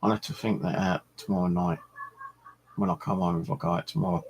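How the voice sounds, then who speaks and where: A middle-aged man talks in a deep, gravelly voice with a husky edge. He rambles in a loose, chatty way and swears freely as he tells his stories. He sounds like the relaxed host of a fishing vlog. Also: brisk, rough recording. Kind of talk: rambling casual chat.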